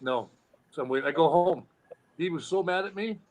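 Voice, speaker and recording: Male former player, relaxed joker, voice a bit higher than most men. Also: a little fast, low-quality recording. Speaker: former hockey player, guest. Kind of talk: casual storytelling chat.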